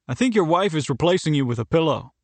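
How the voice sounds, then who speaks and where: Male hockey player, wry and guarded, deadpan, gravelly low edge, voiced by a male narrator. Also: fast talker, no echo. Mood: dry. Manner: dry, deadpan.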